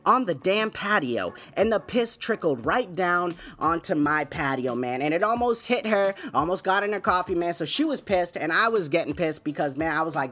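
Over soft background music, a man with a high, expressive, pushed and bright voice talks briskly with hardly any pauses. Hosting his own podcast at home, he tells a story in a casual monologue, laid-back and chatty, full of asides and fillers like "man" and "you know what I'm saying."

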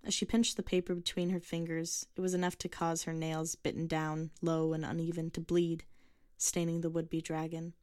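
A woman reads a short story in a measured, even narration. Her voice sits fairly low and the recording is very dry and close, with no room sound. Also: no echo.

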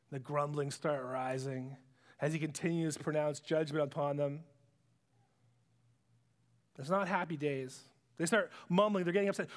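A male preacher retells a Bible story as a sermon in a high voice. He swings dramatically between hushed lows and excited peaks, and his voice trails off in the long reverb of a large hall. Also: normal speed, long pauses.

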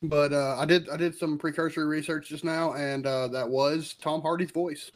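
Chill podcast dude, bit higher pitched, cracks jokes, swears. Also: male voice, steady tone, normal speed. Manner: laid-back, wisecracking, swears. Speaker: podcast co-host. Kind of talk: casual chat.

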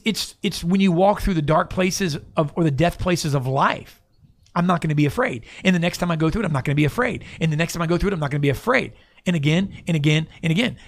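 A man walking through a Bible passage in a relaxed teaching chat, often repeating and restarting his phrases. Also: fairly high pitch, vocal fry. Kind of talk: casual Bible discussion.

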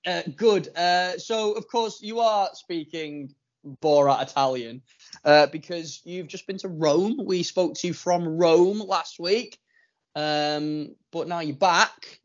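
A man's voice: fairly high pitch, slow. Jokey man hosting, muffled audio. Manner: jokey, teasing, laughs often. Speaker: podcast host. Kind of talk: casual chat.

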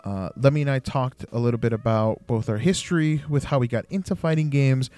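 A man's voice: mid-range voice, fairly quick, dark tone. A young man hosting a podcast who talks in a friendly, rambling way with many fillers as he interviews his guest. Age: young adult. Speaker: podcast host. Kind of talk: casual podcast talk and interview.

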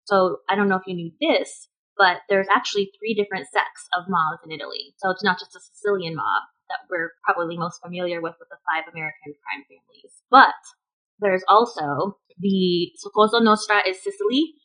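A woman's voice: medium pitch, a little fast, pushed and bright, rough recording. Chatty opinionated woman podcast host. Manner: chatty and opinionated, laughs often. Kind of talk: casual chat.

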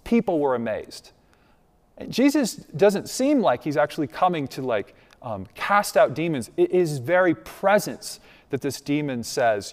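Big pitch swings mark this pastor's fairly high voice as he preaches unhurriedly in a church sanctuary. He speaks conversationally, asking the congregation "right?" along the way, with the long reverb of a large hall on the recording.

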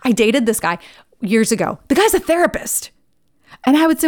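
A woman hosting a podcast, teaching in a lively conversational monologue and acting out quoted exchanges. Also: fairly high pitch, a little fast. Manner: animated, acts out quoted dialogue. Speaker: podcast host.

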